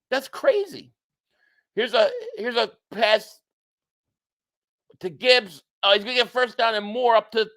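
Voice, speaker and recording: A man hosting a live sports reaction stream, reading viewer super chats aloud and ranting bluntly, with some swearing. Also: high-pitched. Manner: excitable, blunt, ranting, profane.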